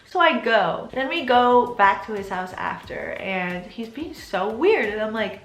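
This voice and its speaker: A young woman in her twenties with a slightly high voice tells a personal story in a casual, chatty way. She keeps dropping in filler words as she retells what happened. Her voice carries some echo from the room. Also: sing-song, unhurried, hardly any pauses, faint music behind. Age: 20s. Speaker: vlogger. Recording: roomy echo.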